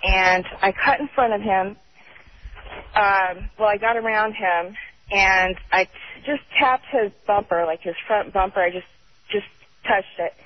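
A woman calling in to a radio show, telling her story haltingly with restarts. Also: mid-range voice. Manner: halting, with restarts and nervous laughs. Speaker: caller. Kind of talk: phone-in story. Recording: muffled radio phone line.

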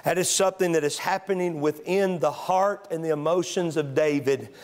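A man pastor preaching a sermon in church, moving between calm teaching and loud, shouted exhortation. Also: on the high side, moderate pace. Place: church sanctuary.

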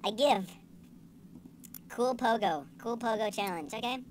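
A young woman giving casual let's-play commentary, excitable and sarcastic, swearing and yelling at the game. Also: a little high, measured pace. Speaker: gaming channel host.

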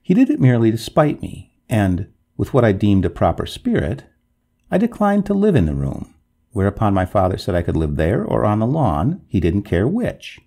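A man's voice: fairly low pitch, wildly swooping pitch, moderate pace, mellow, exaggerated voice. A man voicing an indignant drowned young woman ghost, who talks in a prim, formal, reproachful way with a gargling sound. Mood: haughty.

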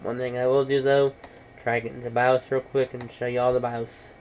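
A man's voice: mid-range voice, little pitch movement, moderate pace, a little mellow, lo-fi sound, slight background noise. A man casually talking through a laptop repair in a how-to vlog, rambling and matter-of-fact. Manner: rambling, many fillers and restarts. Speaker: computer repair vlogger.

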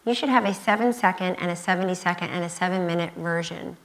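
A woman in her fifties speaks fast in a lowish voice, recorded roughly. She's a guest speaker on a university event stage at a student conference, emphatic and prone to repeating key phrases.

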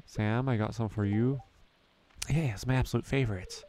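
A man hosting a relaxed let's play, thinking aloud and correcting himself as he plays. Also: mid-range voice, moderate pace, a little hiss or hum. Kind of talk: relaxed gameplay commentary. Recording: faint game music behind.

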